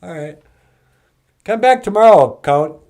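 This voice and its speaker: In his forties, this male host runs a comedy show full of puppet-show banter, cracking jokes in a relaxed, easygoing manner. His high-pitched voice is expressive and mellow, and he speaks at a measured pace.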